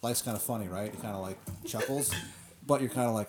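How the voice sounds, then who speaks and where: A man's voice: lowish voice, brisk, heavy background noise. A man spins an improvised comic story for a listener. His delivery is loose, filler-heavy, and often breaks into laughter. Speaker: game-style storyteller. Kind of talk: improvised comedy narration.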